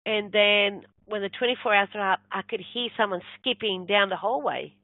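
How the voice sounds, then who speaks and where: Woman telling a lively story over a thin line. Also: mid-range voice, normal speed, no room sound. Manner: animated storyteller acting out quoted dialogue. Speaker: guest, spiritual medium. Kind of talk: casual storytelling in an interview. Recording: dry, phone-like narrow sound.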